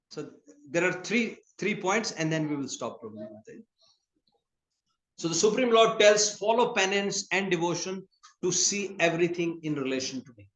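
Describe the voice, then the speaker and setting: A man giving a scripture class in a temple. He talks in a conversational way, tells stories and laughs often. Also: high-pitched. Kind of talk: sermon. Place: temple hall. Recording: echoey temple hall.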